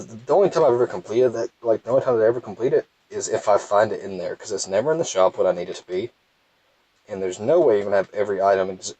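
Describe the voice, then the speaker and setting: A man's voice: on the low side, mellow, dry recording, poor audio. A tired young man from Mississippi, rambling wryly in a casual vlog from his parked car. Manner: rambling, self-interrupting, wry. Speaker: gaming vlogger. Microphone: phone.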